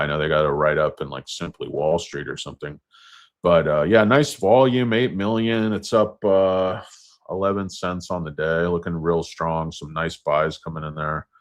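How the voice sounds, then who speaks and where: A deep-voiced man talks casually about stocks in a loose, rambling way. He mixes in crude jokes and side tangents. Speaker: stock market vlogger. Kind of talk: casual chat.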